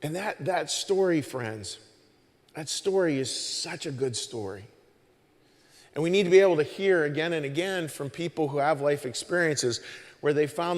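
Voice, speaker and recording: The pastor hosting the service gives an informal, conversational sermon talk to the congregation from the church stage, full of restarts and "you know"s. His voice is a little high, and the sound carries a long reverb tail.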